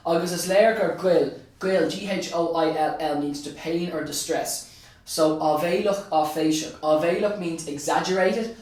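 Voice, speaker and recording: A man's voice: on the high side, a little mellow, heavy reverb, distant mic. An Irish man, a teacher, walks students through an exam answer step by step, switching between Irish and English and repeating key phrases. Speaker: teacher and state examiner. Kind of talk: exam revision tutorial.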